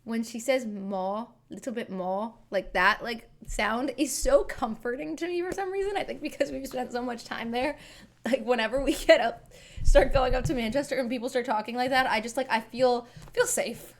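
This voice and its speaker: A woman's voice: sits high, normal speed, slight background noise. A woman streamer chatting casually and rambling as she reacts to videos. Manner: chatty, rambling, self-deprecating.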